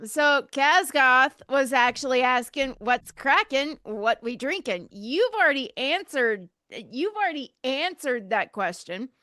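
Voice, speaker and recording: A woman's voice: high-pitched, lively intonation, measured pace, hardly any pauses, pushed and bright, no room sound, studio quality. A woman co-hosting a casual live show, laughing along and playing along with jokes. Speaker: podcast co-host.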